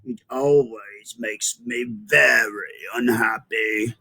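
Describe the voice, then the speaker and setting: A man voicing a bashful, unhappy toad from a children's storybook, in a plaintive, drawn-out way. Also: mid-range voice, gravelly, pushed and bright, slightly rough, exaggerated voice. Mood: glum. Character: bashful, fussy male toad.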